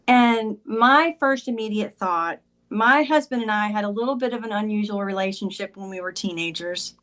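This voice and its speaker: A woman's voice: mid-range voice, moderate pace, fairly bright tone. A woman talking as a podcast guest, telling a personal story in a conversational way and often saying "like" and "he goes".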